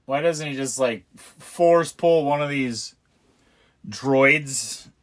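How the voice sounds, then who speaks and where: A man's voice: mid-range voice, slow pace, a bit bright. A young man hosting a casual movie commentary, profane and mocking, laughing at what he watches. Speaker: podcast host.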